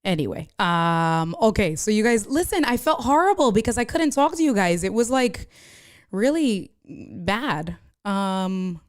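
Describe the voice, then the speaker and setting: A woman's voice: on the low side, clear, resonant tone. A woman live streamer chatting casually from her home setup, reacting to viewer comments and laughing often. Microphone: desk streaming mic through a mixer.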